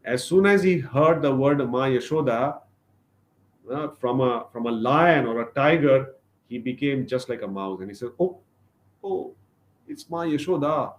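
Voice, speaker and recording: Man telling a scripture story. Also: medium pitch. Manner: thoughtful, halting, with many fillers. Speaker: religious class speaker. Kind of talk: sermon storytelling. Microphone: livestream microphone.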